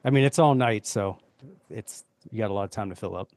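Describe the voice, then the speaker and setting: A man's voice: lowish voice, a little fast, dry recording. Easygoing man hosting a podcast. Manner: relaxed, easygoing, fillers. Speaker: podcast host. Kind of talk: casual chat.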